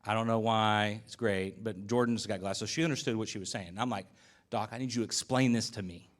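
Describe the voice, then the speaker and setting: A man's voice: on the low side, steady tone, a little fast. A man preaching a conversational sermon as pastor, telling stories in a casual, folksy way with asides and acted-out dialogue. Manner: uses y'all and folksy speech.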